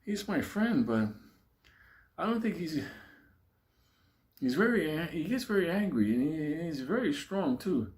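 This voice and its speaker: A man's voice: a little high, very animated, a little slow, long pauses, a little mellow, pitched above the performer's own voice. A man doing a fretful teenage boy. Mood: worried. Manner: worried, repeats warnings.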